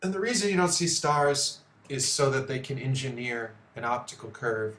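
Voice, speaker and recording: A man hosting his own video channel gives heated, profane commentary on news articles, tossing in blunt asides. His medium-pitched voice is expressive and a bit bright at a moderate pace, recorded in an echoey room.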